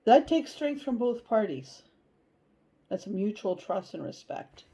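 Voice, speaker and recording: A woman giving a casual tarot reading, chatty and animated, blunt, and she swears now and then. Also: mid-range voice, takes it slowly, low-quality recording. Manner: chatty and animated, acts out inner voices. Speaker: tarot reader.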